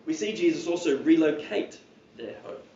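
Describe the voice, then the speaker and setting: A man with a somewhat high, lively, mellow voice preaches in a church hall at a moderate pace, keeping things conversational and tossing in casual asides. The recording sounds roomy, distant and dull.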